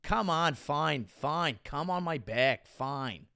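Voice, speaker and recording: Guy doing a rowdy boston-accent lady, crude and pushy, kinda raspy. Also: a little high, expressive, takes it slowly, sharp tone, dry recording, clean studio sound, full character voice. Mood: crude, coaxing. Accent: mock Boston. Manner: lewd, rowdy, coaxing.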